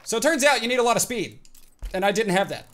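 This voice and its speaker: A man giving live commentary while playing a video game, excitable and reactive, bursting into yelps and shouts. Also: high voice, fast talker, soft background music. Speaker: gaming channel host.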